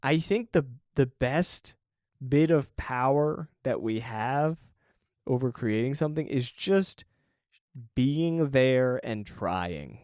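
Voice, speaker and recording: A man's voice: mid-range voice, expressive, takes it slowly, a little mellow, no room sound. Male podcast host, reflective and chatty, mid-range voice, dry recording. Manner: reflective, conversational, often asks "right?". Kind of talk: casual solo talk on creative work.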